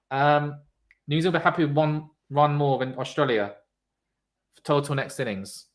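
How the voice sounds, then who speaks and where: A man giving casual live cricket commentary on a stream, reacting loudly to the play and chatting with viewers in the chat. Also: fairly high pitch, steady tone, normal speed.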